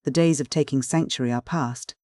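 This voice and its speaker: A man's voice: medium pitch, brisk, mellow, dry recording, clean studio sound, natural voice. A man reading the part of a prudent older church dean who talks in a suave, soothing, evasive way. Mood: smooth.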